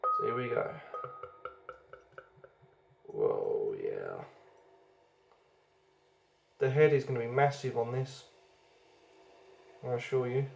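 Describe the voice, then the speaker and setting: A man's voice: medium pitch, wildly swooping pitch, takes it slowly, vocal fry, pauses often, reverberant, lo-fi sound. A man hosting a casual beer review video, chatty and rambling, often hesitating as he goes.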